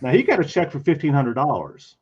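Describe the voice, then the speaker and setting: A man's voice: fairly high pitch, brisk, breathy edge. Man telling a convention story. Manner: animated, acts out quoted voices. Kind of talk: casual storytelling while drawing. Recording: dull lo-fi stream audio.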